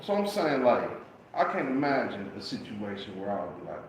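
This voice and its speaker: A man's voice: lowish voice, sing-song, brisk, a little hiss or hum. A man co-hosting a podcast, ranting bluntly with lots of profanity in casual chat. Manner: blunt, profane ranting, says "you know what I'm saying". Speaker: podcast co-host. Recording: very echoey room with faint ambience.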